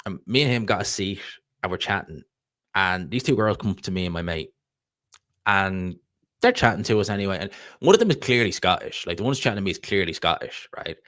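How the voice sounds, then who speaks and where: Low-voiced Dublin Irish man chatting. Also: very animated, fairly quick, fairly bright tone, dry recording, clean studio sound. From Ireland. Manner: rambling, chatty, reads viewer comments aloud. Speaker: live stream host. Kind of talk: casual live-stream chat about boxing.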